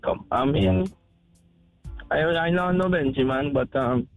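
A man's voice: on the high side, unhurried, faint music behind, poor audio. A man calling in to a radio show, talking in an easygoing, slangy way. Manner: easygoing, laid-back, loose slang. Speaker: caller. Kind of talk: casual phone-in chat.

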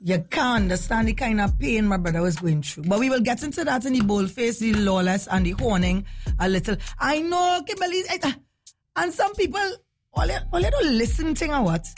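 Chatty high-voiced woman host. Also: brisk, faint music behind. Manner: lively, chatty, laughs often. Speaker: radio show host. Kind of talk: casual morning show chat.

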